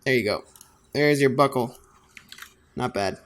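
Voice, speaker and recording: A man's voice: mid-range voice, a little slow, fairly bright tone. A man designing on a computer, thinking aloud in a casual, self-deprecating way. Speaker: designer narrating his work. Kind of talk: casual screen-recording commentary.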